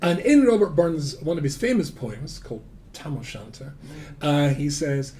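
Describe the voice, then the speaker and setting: A Scottish-accented rabbi lecturing a live audience, his fairly high voice leaping up and down with great animation. He tells anecdotes with self-deprecating humor, rising to loud emphasis and then dropping to quiet asides. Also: animated, moderate pace. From Scotland.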